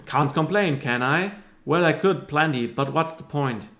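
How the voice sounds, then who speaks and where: A man's voice: on the high side, a little slow, fairly bright tone, echoey room. A man reading aloud the lines of a blunt, crude, teasing islander from a screenplay, in close to his own voice.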